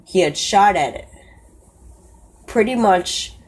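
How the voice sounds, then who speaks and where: A woman narrating a first-person horror story in a slow, low-key way, often stopping to correct herself. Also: animated, a little hiss or hum.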